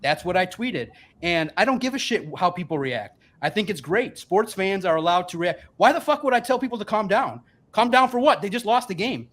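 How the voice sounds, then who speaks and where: A man's voice: sits high, sing-song, a little fast, few pauses, a bit bright. A man in his forties, a sports podcaster guesting on the show, talking emphatically and with plenty of swearing, a little tipsy from beer. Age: 40s. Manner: emphatic, profane, rambling. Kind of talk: casual podcast chat.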